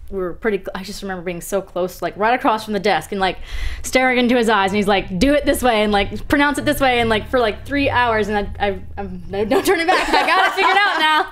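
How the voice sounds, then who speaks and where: A woman in her twenties from Georgia with a softened Southern accent, chatting as a guest in a studio interview, giggly and bubbly. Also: medium pitch, fast, a little hiss or hum. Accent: Southern US, toned down. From Georgia, USA. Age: 20s. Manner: giggly, bubbly, laughs often. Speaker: actress, guest. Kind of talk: casual interview chat.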